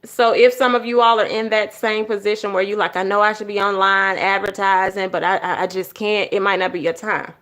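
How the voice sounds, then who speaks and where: A young woman chats with her viewers in a casual vlog, bright and forward in tone. She tells her story with animated energy, slipping into quoted voices and calling her audience y'all. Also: medium pitch, fairly quick, few pauses. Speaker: journaling vlogger.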